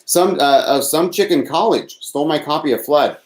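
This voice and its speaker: This man's voice is on the high side, with lively intonation and a moderate pace, over slight background noise. He's alone at his desk running a live call-in stream, rambling, mocking himself, sighing and swearing, his voice thin and slightly whiny. He's recorded on an unprocessed desk mic.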